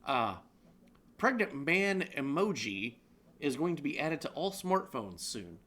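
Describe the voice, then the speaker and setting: A man's voice: a little high, sing-song, unhurried, fairly bright tone. A man co-hosting a comedic live-streamed news roundup, rambling and joking, often laughing. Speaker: co-host.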